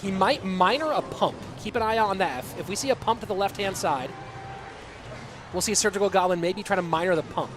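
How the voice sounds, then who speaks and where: A man casting a live esports match, excitable and rambling, with chatty asides to the viewers. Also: sits high, a little fast, background noise. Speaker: esports caster and streamer. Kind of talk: live esports commentary with chat reading.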